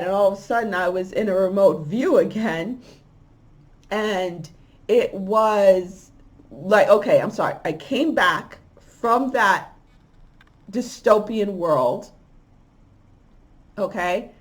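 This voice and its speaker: A woman who hosts a spiritual channel tells the long story of a vision, casual and rambling. She becomes animated and imitates the voices of the people involved. Her pitch is an ordinary middle range.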